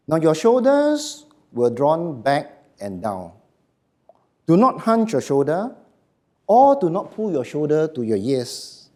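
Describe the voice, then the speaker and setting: Man, voice coach, live workshop, unhurried delivery, emphatic, soft trailing phrase ends. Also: a little high. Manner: slow, emphatic, dropping to quiet endings.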